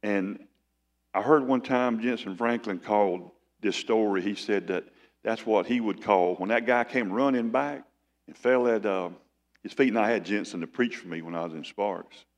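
Pastor guy preaching hard, deep-ish voice, big echoey church. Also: moderate pace, dull audio. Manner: fervent preaching, swelling louder then dropping low. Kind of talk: sermon.

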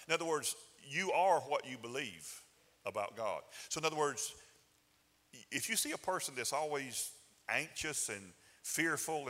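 A man's voice: mid-range voice, sharp tone. A man preaching a sermon in a conversational, folksy way, with rising emphatic bursts. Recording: hall reverb.

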